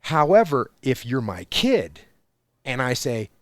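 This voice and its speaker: A man's voice: medium pitch, very animated, takes it slowly, fairly bright tone, no echo. A man in his forties speaks in a dry, close voice, with no room sound around it. He drives his points home emphatically, stacking one phrase on another as he explains. He sounds like a former military leader talking things through on a podcast. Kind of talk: casual podcast conversation.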